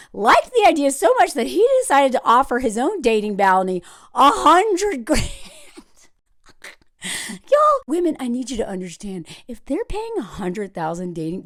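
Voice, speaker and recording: Sarcastic woman with a lively, bouncing voice. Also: fairly high pitch, no room sound, clean studio sound. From United States. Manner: sarcastic, riled-up, emphatic. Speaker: dating commentator. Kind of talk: opinionated commentary vlog.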